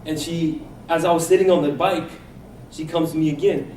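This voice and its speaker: A man's voice: fairly high pitch, steady tone, moderate pace, mellow, slight background noise. A man from India telling a personal story as a contest speech, acting out the people in it. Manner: personal anecdote with acted-out quotes. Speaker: contest speaker. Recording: echoey room from a distance, faint ambience.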